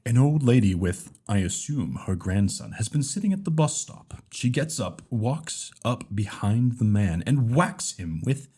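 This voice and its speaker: A man's voice: medium pitch, sing-song, a little slow, few pauses, mellow, breathy edge. A man hosting a casual comedy podcast, reading a story aloud and handing out roles. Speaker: podcast host.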